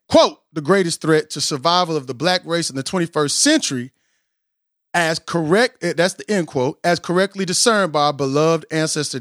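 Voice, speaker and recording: A man hosting a podcast in a casual, animated way, mocking himself as he tries to rap and then explaining with preacherly emphasis. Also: a little high, dry recording, clean studio sound. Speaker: podcast host. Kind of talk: casual podcast intro with attempts at rapping.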